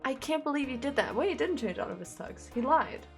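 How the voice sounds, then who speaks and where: A young woman reading fanfiction aloud as a content creator, breaking in with animated, sarcastic jokes and giggles. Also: high-pitched, fairly quick, gravelly, soft background music.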